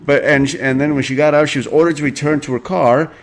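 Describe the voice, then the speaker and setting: A man's voice: a little high, steady tone, fast. Sarcastic profane male podcast host. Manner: sarcastic, profane, chuckling often. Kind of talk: casual celebrity gossip commentary.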